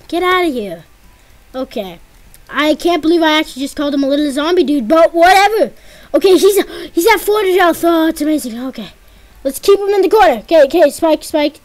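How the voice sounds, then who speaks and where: A woman giving casual let's-play commentary as she plays, excitable and yelping and pleading whenever danger strikes. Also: sits high. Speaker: gameplay commentator.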